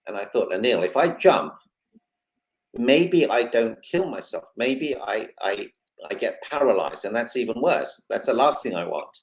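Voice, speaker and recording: A man's voice: medium pitch, measured pace, poor audio. Man telling his story with drama. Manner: animated, dramatic retelling with quoted dialogue. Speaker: guest. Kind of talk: emotional storytelling.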